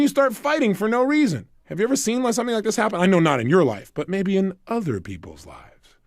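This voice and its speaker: Energetic man with a high, lively voice. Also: dry recording, clean studio sound. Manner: energetic, asks the audience rhetorical questions. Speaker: motivational speaker. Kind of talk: recorded self-help seminar talk.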